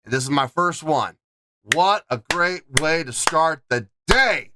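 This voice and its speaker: A man giving casual reaction commentary on a song from his recording setup, talking to his viewers as "folks" in a chatty, animated way. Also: a little high, measured pace, background noise. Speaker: music reaction reviewer.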